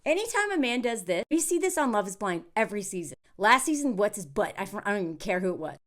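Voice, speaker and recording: A woman giving blunt, animated reaction commentary in a casual vlog, swearing freely as she talks. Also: medium pitch, fast talker.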